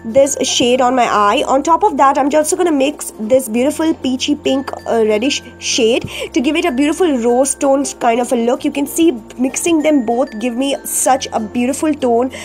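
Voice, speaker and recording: A high-pitched woman talks through a makeup tutorial as a voice-over, explaining each step in turn. Her voice sounds groggy from a cold, and she often pauses or fills gaps with "uh". Soft music plays faintly behind her. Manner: step-by-step explaining with frequent fillers. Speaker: beauty vlogger.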